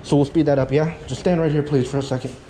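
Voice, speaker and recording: A high-voiced man with a mellow, relaxed tone teaches a dog owner in a kennel yard. He is animated and dramatic, constantly checking that he is understood. A faint hiss sits behind him. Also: quick pace. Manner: animated, keeps checking in with "yeah?"; self-described very dramatic. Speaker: dog trainer. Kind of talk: hands-on training instruction.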